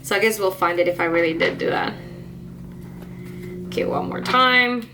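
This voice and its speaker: A woman's voice: mid-range voice, moderate pace, music in the background. A woman beauty vlogger chatting casually to camera about her makeup, with frequent fillers and small laughs.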